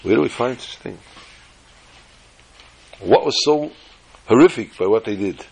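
A man teaching an informal Torah class, telling jokes and stories with lively jumps in pitch for emphasis. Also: moderate pace, gravelly, husky. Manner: animated storyteller who jumps to high pitch for emphasis.

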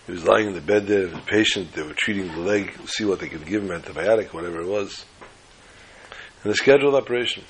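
A man's voice: low voice, fast, a little hiss or hum, poor audio. A man dramatically telling a religious story, building it with repetition.

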